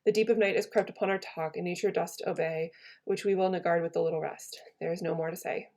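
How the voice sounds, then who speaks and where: A woman's voice: lowish voice, fairly even intonation, fast talker, a little mellow, close to an everyday voice. Brutus, grave Roman general, read by a woman. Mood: steady. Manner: plain read-aloud delivery, slight stumbles. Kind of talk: reading a play aloud.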